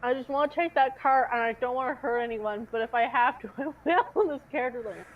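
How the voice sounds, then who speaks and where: A woman's voice: on the high side, brisk, recorded from a distance, dull audio. A woman playing in a tabletop game, chatting casually and giggling between lines. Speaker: player. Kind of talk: casual chat during a game.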